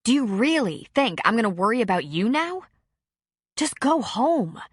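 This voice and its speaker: A woman's voice: a little high, very animated, moderate pace, breathy edge, dry recording, clean studio sound, voice pushed up. A woman reading an audiobook, voicing a hurt young woman who answers her ex sarcastically and with indignation. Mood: angry. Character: young woman, angry and hurt, sharp-tongued.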